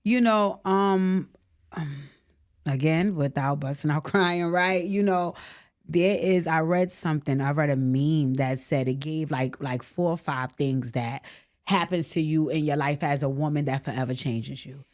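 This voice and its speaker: A woman with a somewhat low voice hosts a candid podcast conversation. She talks frankly and with open emotion, and she drops in joking asides and the odd swear word. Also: measured pace, darkish tone. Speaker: podcast host.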